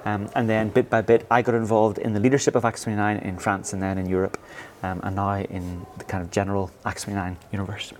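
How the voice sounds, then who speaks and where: A man's voice: fairly low pitch, flat delivery, quick pace, few pauses, slight background noise. A man in his forties with a Northern Irish accent, a pastor answering interview questions earnestly, with frequent fillers and restarts. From Northern Ireland. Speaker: pastor and church planting leader.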